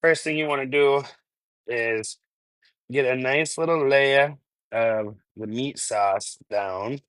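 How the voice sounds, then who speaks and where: A man's voice: medium pitch, slow pace, a bit bright, dry recording, low-quality recording. A man from Minnesota hosting a casual live cooking stream from his home kitchen, chatty and rambling, laughing often and answering chat. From Minnesota, US Midwest. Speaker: cooking channel host.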